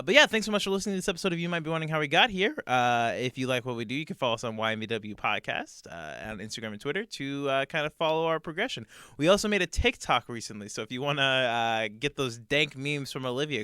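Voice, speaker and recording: A man's voice: mid-range voice, pushed and bright, smooth, dry recording, studio quality. A man narrating a tabletop game as game master and host, chatty and full of fillers.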